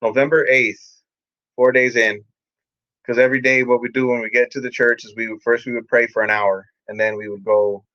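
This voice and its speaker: Speaking as a podcast guest, a young pastor tells his past candidly in casual, streetwise talk, acting out quotes from people he met. His medium-pitched, level voice is fairly quick with a sharp tone, while the dry, close recording with no room sound sounds slightly dull and muffled.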